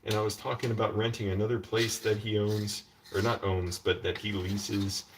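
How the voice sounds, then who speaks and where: A man's voice: on the low side, flat delivery, normal speed. A man ranting at home in a live stream, telling a long story with many fillers and restarts. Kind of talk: casual rambling rant. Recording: distant mic with faint background noise.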